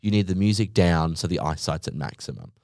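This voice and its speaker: A man's voice: low-pitched, lively intonation, a little fast, creaky, darkish tone, dry recording, clean studio sound. A young man hosting a podcast, ranting comically with sarcasm, exaggeration and swearing. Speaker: podcast host. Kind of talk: comedic monologue rant.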